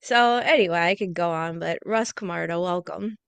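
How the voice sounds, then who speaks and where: A woman's voice: on the low side, moderate pace, creaky, smooth, no room sound. A woman hosting a radio interview, chatty and enthusiastic, with frequent "like" fillers, in a radio studio. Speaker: radio show host. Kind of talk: casual interview chat.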